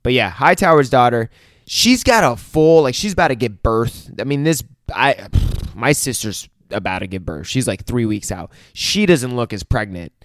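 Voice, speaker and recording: Casual male recapper, mid-pitched voice, swears constantly, rambles, acts out the characters' lines, dry close sound. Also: normal speed, no echo. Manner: profane, rambling, animated retelling with quoted dialogue. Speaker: show recapper.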